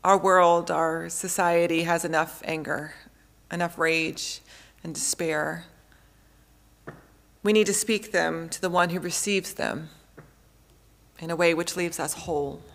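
A woman in her thirties, a pastor preaching a sermon in a measured way, repeating phrases for emphasis. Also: lowish voice, fairly even intonation, gravelly, fairly bright tone.

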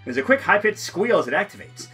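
A man's voice: high voice, big pitch swings, fast talker, pushed and bright, slightly rough, faint music behind. A man playing through a solo board game, reading the story text aloud and joking between rolls, often laughing.

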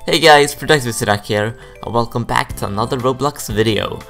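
A young man hosting a gaming video, giving casual gameplay commentary with frequent excited exclamations and giggles. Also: medium pitch, a little fast, gravelly, soft background music.

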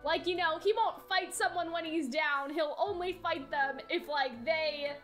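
A young adult woman streamer, gushing and excitable, reacting to a game. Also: extremely high pitch, a little slow, soft background music. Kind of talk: reacting to a game while reading lines aloud.

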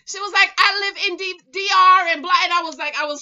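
A middle-aged woman giving a casual, sassy recap of a reality show and breaking into loud exclamations. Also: very high voice, steady tone, moderate pace, lo-fi sound, slight background noise.

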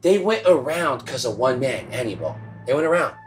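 A man's voice: medium pitch, sing-song, fairly quick, soft background music. A tipsy man rambling through a comic history story, laughing and swearing as he goes. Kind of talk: tipsy comedic history retelling.

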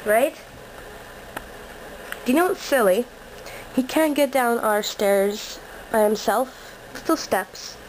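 A woman's voice: on the high side, expressive, takes it slowly, pauses often. A woman filming her puppy at home and talking to it in a playful, coaxing way, like a casual home video. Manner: playful, coaxing pet talk. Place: living room at home, indoors. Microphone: handheld camera. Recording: noisy amateur home video.

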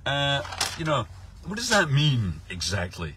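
A man's voice: on the high side, big pitch swings, measured pace, background noise. A middle-aged man delivering a sweary, sarcastic comic rant about the news. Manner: sarcastic, mocking, swears a lot.

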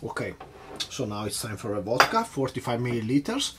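A man's voice: mid-range voice, sing-song, brisk, heavy background noise. A man hosting a casual cocktail-making vlog at his home bar, chatty and hesitant, nervously poking fun at himself. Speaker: home bartender host.

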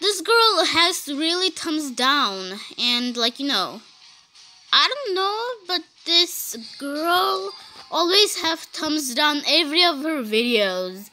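A woman doing casual gameplay commentary, giggly and excitable, saying "beep" to bleep herself out. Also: sits high, slow, faint music behind. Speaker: gaming YouTuber.

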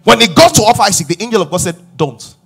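A middle-aged man preaching a sermon as pastor, emphatic and rising to shouts. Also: high voice, very animated, fast talker, vocal fry, slightly rough.

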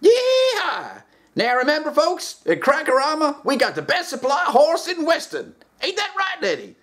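A man's voice: huge pitch swings, normal speed, a bit bright, exaggerated voice. A man voicing a hollering cowboy announcer in a spoof ad. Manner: hollering salesman pitch.

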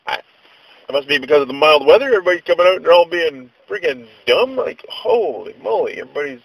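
A man's voice: fairly high pitch, expressive, fast, fairly bright tone, no room sound, rough recording. A man vlogging a casual rant, telling stories in a rambling, exasperated way with mild slang.

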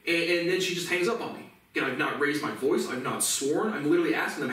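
A man rants at the camera in an indignant, profane, repetitive monologue, his voice fairly high, fast and fairly bright. The room is echoey, he's far from the mic, and there's faint noise.

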